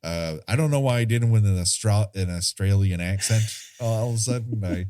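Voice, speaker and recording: A man's voice: lowish voice, a little fast, warm tone, smooth. A man co-hosting a podcast, chatting casually about a film, rambling and searching for words. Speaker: podcast co-host.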